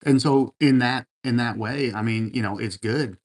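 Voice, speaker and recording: In a room at home packed with racing gear, a man hosts a casual livestream, reading viewer comments aloud and replying in a laid-back, encouraging way, often calling people man and brother. His voice is mid-range and moves at a normal speed.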